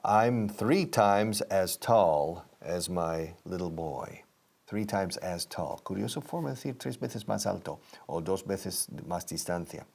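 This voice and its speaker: A man's voice: low-pitched, lively intonation, a little slow, gravelly, darkish tone. A man teaching English in a TV lesson, explaining and repeating phrases unhurriedly. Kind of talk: bilingual language lesson.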